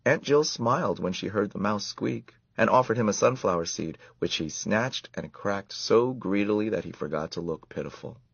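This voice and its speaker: Low husky male storyteller. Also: animated, moderate pace, few pauses, dry recording, highs cut off. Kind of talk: children's story read aloud.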